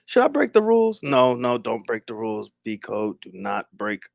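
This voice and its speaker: Animated young man hosting a stream. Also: mid-range voice, normal speed, creaky, dry recording, dull audio. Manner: animated, swearing, laughing, talking to chat. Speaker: livestream host. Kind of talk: casual stream chat.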